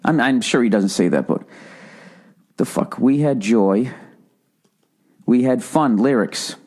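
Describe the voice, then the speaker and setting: A man's voice: medium pitch, slow pace, darkish tone, husky. A middle-aged American man hosting a solo podcast, ranting in a profane, sarcastic way. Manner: profane, sarcastic ranting with mocking sung bits. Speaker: podcast host. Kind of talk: rambling solo podcast monologue.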